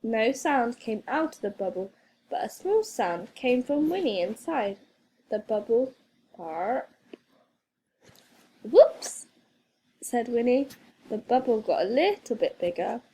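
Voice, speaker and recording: A woman reading a children's storybook aloud as a teacher, expressive and playful with sound effects. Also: on the high side, unhurried, breathy edge.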